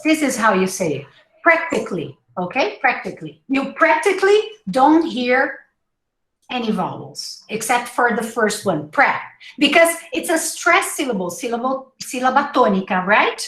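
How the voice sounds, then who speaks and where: Animated woman drilling English pronunciation. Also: fairly high pitch, moderate pace. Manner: repeats each word several times, coaching tone. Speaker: English teacher. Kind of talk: live pronunciation class. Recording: echoey room.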